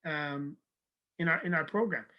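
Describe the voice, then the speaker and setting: A man's voice: on the high side, normal speed, muffled recording. A man who coaches university soccer, talking in a casual video-call interview and telling stories animatedly, acting out the people he quotes. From Canada. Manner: animated storyteller, acts out quoted dialogue.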